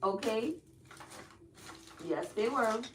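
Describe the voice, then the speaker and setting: A woman's voice: a little high, animated, drawn-out words, noisy background. A woman from New Orleans giving a tarot reading to her viewers, emphatic and repetitive, often checking in with "okay?" while she shuffles through her cards. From New Orleans, Louisiana. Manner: emphatic, repeats lines, frequent "okay?" check-ins. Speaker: tarot reader.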